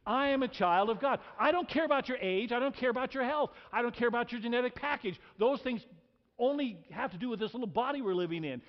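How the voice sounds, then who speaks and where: A man's voice: very high voice, animated, fast, big-room sound, highs cut off. A man in his sixties preaching an emphatic sermon as a pastor, leading the congregation in call-and-response. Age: 60s. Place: church sanctuary.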